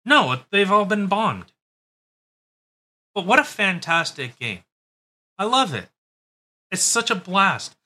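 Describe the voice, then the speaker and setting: A man's voice: sits high, very animated, takes it slowly, long pauses, pushed and bright. A man hosting a podcast, talking in a blunt, sarcastic, profane way in casual chat. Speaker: podcast host.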